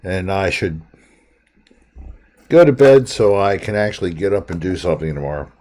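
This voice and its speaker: A man's voice: low-pitched, moderate pace, noisy background. A man hosting a live stream, chatting casually and rambling from topic to topic with his viewers.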